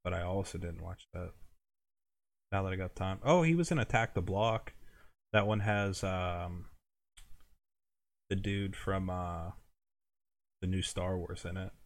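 Podcast co-host, American man, very low voice, loose rambling chat. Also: unhurried, long pauses. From United States. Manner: rambling, heavy use of filler words. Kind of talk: casual chat.

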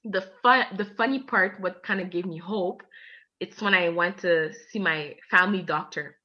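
A woman in her twenties from Canada, a podcast guest telling personal stories in a lively, casual way and acting out both sides of conversations. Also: on the low side, normal speed, highs cut off. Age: 20s. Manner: lively, acts out both sides of conversations, laughs mid-story. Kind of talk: casual storytelling.

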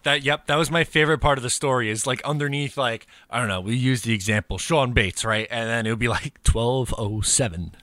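A man's voice: mid-range voice, brisk, hardly any pauses, bright, forceful tone, dry recording. A man co-hosting a sports podcast, easygoing and agreeable, full of fillers. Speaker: podcast co-host. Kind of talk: casual sports chat.

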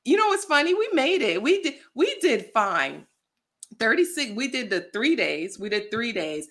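A woman guest on a chatty podcast, her pitch swinging widely as she tells stories. She acts out what friends and strangers said in quick little voices. The delivery is loose and conversational. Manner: animated storytelling, acts out quotes. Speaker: guest, plant-based lifestyle influencer. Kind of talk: casual podcast chat.

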